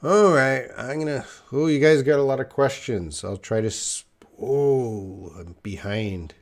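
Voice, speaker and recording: A man's voice: medium pitch, unhurried. A man teaching a live online English lesson, patiently explaining grammar and answering viewer questions.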